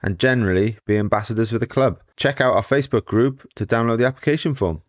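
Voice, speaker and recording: A man co-hosting a podcast in a relaxed, self-deprecating, jokey way. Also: medium pitch, quick pace, no room sound, highs cut off. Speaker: podcast co-host. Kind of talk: casual podcast chat.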